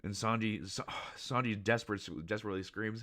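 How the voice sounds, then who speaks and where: A man hosting a casual reaction to a comic chapter, rambling excitedly with many fillers and reading lines aloud. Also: fairly low pitch, a little fast, few pauses. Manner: reads character lines aloud with mild voice shifts. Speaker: channel host.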